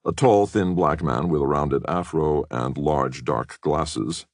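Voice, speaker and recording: A man reading a spy novel as an audiobook narrator, measured and expressive. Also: extremely low pitch, no echo, clean studio sound. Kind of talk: scripted narration.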